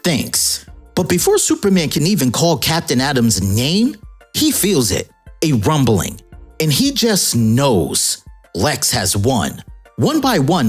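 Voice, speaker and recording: A woman's voice: very deep voice, wildly swooping pitch, unhurried, slightly rough, faint music behind. A woman narrating a comic storyline in a playful, jokey, casual storytelling way.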